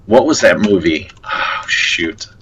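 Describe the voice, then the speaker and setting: Husky low-voiced man chatting casually. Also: slow, bright, forceful tone, low-quality recording. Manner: hesitant, many fillers and restarts. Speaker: podcast co-host. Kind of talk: casual chat about a TV show.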